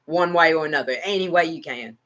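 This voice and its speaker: A man's voice: a little high, fast talker, fairly bright tone. A man with an American country accent giving rambling, repetitive live football reaction and talking to his chat. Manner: rambling, repeats himself, talks to chat. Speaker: livestream sports reactor.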